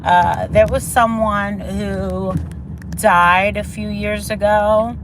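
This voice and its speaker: A woman on a live stream retelling a dispute in a drawn-out, profane way. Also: medium pitch, steady tone, noisy background. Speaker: livestreamer telling her side. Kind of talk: slow storytelling on a live stream.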